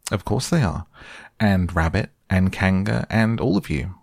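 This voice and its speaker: A man's voice: deep voice, animated, a little slow, creaky, a little mellow, no echo, clean studio sound, exaggerated voice. A man voicing a confident young boy who speaks in a breezy, matter-of-fact way, in a storybook reading.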